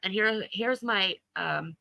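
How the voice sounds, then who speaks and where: A woman's voice: mid-range voice, takes it slowly, creaky, pushed and bright, no room sound, low-quality recording. A woman hosting a casual livestream chat, talking loosely, laughing often and swearing freely. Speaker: livestream host.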